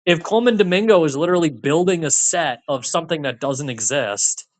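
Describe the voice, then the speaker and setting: A man's voice: on the high side, animated, fairly quick, dry recording. A man co-hosting a podcast, chatting casually about a film, rambling with many fillers and restarts. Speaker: podcast co-host.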